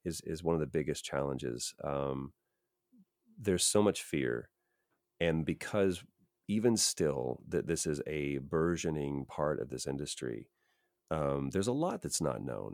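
A man's voice: very deep voice, gravelly, darkish tone, dry recording, studio quality. A man, a voice actor and podcast guest, talking earnestly and reflectively as he gives advice. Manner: earnest, emphatic, advice-giving. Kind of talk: reflective interview talk.

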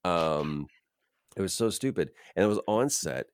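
A man with a very low voice tells a story in a loose, self-deprecating way, full of ums and restarts. He sits close to the mic in a dry room with no echo. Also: animated, unhurried, clean tone. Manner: rambling, self-deprecating, many fillers. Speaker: actor guest. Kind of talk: casual storytelling.

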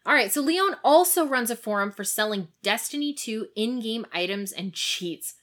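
Sassy, lively woman news co-host. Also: fairly high pitch, normal speed. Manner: sassy, emphatic, swears, bursts of laughter. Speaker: podcast co-host. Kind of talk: casual news chat.

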